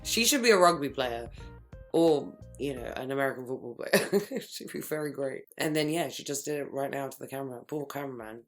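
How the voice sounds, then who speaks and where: A woman, recapping a reality TV episode in an animated, gossipy casual chat full of quick asides and laughter. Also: a bass voice, faint music behind.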